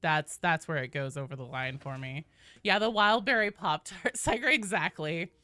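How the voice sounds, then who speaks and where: A woman's voice: low-pitched, normal speed, sharp tone, no echo. A woman streaming a game, chatting casually with her viewers, playful and swearing, reading the chat aloud. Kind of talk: casual live-stream chat while gaming.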